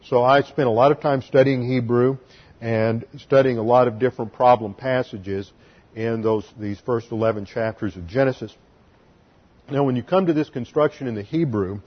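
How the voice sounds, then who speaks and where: A man's voice: medium pitch, dull audio. A man teaching a sermon as pastor, explaining Hebrew grammar step by step and spelling out letters.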